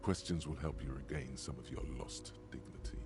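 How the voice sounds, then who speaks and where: An actor playing a detective game's inner-voice narrator, speaking in a mocking, dramatic second-person tone. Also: male voice, very deep voice, moderate pace, loud music behind the voice.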